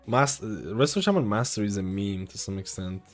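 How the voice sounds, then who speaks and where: A man's voice: lowish voice, lively intonation, a little fast. A young man streaming live, answering viewer questions in a loose, rambling, chatty way. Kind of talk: casual live-stream chat. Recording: faint music behind.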